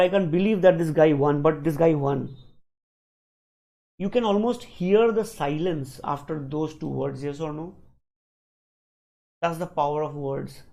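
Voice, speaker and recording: A man's voice: high-pitched, creaky, dark tone, rough recording. A man teaching a live online reading lesson, questioning his students and repeating points for emphasis. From India. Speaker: online exam-prep teacher.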